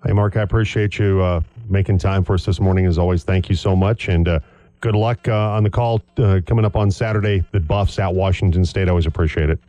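A man with a deep, dark voice hosts a sports radio talk show, talking fast but keeping a steady tone. He chats easily with his studio guests, easygoing and full of fillers. The studio microphone captures no room sound.

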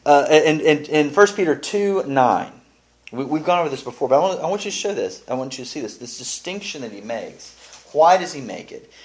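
A man's voice: a little high, brisk. A man leading a casual Bible study, teaching with many restarts and reading verses aloud. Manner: animated, restarts often, reads scripture aloud.

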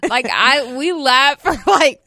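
A young woman with a high, bright voice that swings widely as she tells stories. She breaks into giggles often and keeps things animated. The sound is dry and close. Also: slow pace, no room sound. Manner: animated storyteller. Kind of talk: casual chat.

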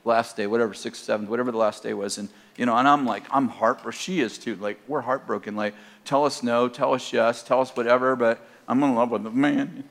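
An older man from Northern California, preaching by telling a personal story in a conversational, animated way and laughing at his own tale. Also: medium pitch, a little fast, vocal fry, hardly any pauses. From Northern California, USA.

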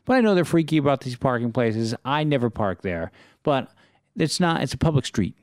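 A man in casual conversation, telling animated stories about his neighbors and acting out their lines. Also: medium pitch, brisk, no room sound, clean studio sound. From Los Angeles area. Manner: animated anecdotes, mimics neighbors. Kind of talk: casual storytelling chat.

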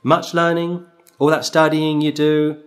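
A man's voice: on the high side, flat delivery, measured pace. A man preaching a broadcast sermon, reading through scripture and exhorting listeners with emphatic commentary.

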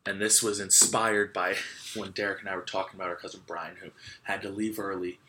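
A man's voice: low voice, level tone, a little fast, pushed and bright, a little hiss or hum. A young man hosting a casual podcast, telling a story in a rambling way with lots of "like" and restarts. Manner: laughs while telling stories. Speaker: podcast host.

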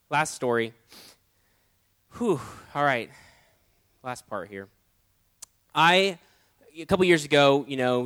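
A man preaching a sermon, telling a personal story with animated, acted-out lines. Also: mid-range voice, smooth. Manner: animated, storytelling, acts out his own lines.

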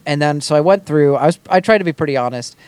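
A man telling a story on a podcast in casual chat, self-deprecating, with halting restarts. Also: a little high, darkish tone, smooth, no room sound. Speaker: podcast co-host.

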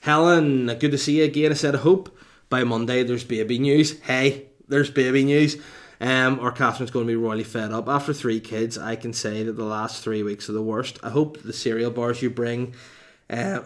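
A middle-aged man, a comedian chatting casually and reading out viewer questions, with cheeky, crude banter and quick asides. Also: mid-range voice. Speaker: comedian hosting a live Q&A stream.

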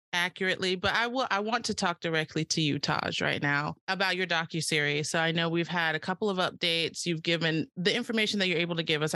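Earnest woman co-host, bright low voice. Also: no room sound. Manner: earnest and direct, addresses the guest. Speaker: podcast co-host. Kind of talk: casual podcast chat.

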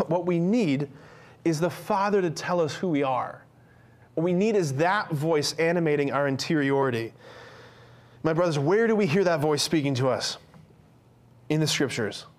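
A man's voice: a little high, expressive, normal speed, long pauses. A man giving an earnest, conversational sermon to men, with frequent fillers and restarts.

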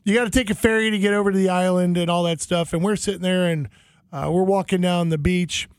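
A man with a notably high speaking voice tells a rambling, animated story in casual conversation, slipping into the voices of the people he describes. The sound is close and dry, with no room around it. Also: quick pace, clean tone, no room sound.

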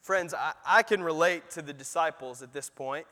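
A man's voice: on the high side, normal speed, sharp tone. A man preaching a sermon as a pastor, in a conversational style with rhetorical asides, recorded in a church sanctuary. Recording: long hall reverb.

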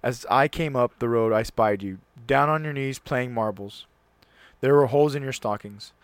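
A man's voice: medium pitch, moderate pace, dry recording. Male host, mid-range voice, dry close mic; casual solo talk, earnest read-aloud with occasional stumbles. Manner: reads aloud earnestly, stumbles and restarts on words.

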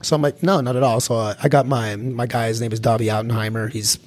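A man's voice: medium pitch, steady tone, fast talker. A middle-aged man from Colorado, a security executive, telling his career story in a casual chat, laughing often and repeating words as he starts sentences.

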